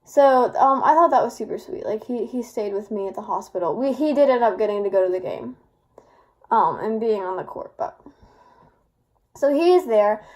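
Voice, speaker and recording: A woman's voice: on the high side, lively intonation, moderate pace, darkish tone. A young woman telling a personal story in a casual, rambling way, full of fillers and little laughs. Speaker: vlogger.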